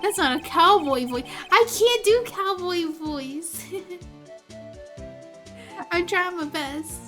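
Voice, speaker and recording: A woman's voice: extremely high pitch, extremely slow, pushed and bright. A woman streaming a game playthrough, chatty and giggly as she reads the dialogue aloud. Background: game music.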